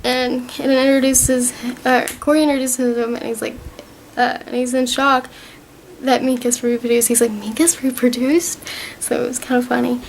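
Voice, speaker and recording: A woman's voice: on the high side, level tone, normal speed, gravelly, a little hiss or hum, low-quality recording. A young woman vlogger casually recapping a TV season, rambling and gushing as she retells scenes.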